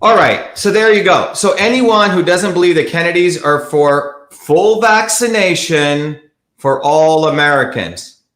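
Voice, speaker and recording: A combative man hosts a heated livestream, hammering his points home bluntly and repeating them. His voice sits a touch high for a man. The sound bounces around an echoey room. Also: measured pace, fairly bright tone. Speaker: livestream host. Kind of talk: heated live commentary.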